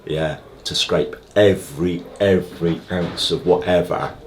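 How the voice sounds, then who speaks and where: Very deep-voiced man. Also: unhurried, slight background noise. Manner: emphatic, full of analogies, keeps checking "all right?". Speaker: magician guest. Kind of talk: conversational interview. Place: upstairs dressing room.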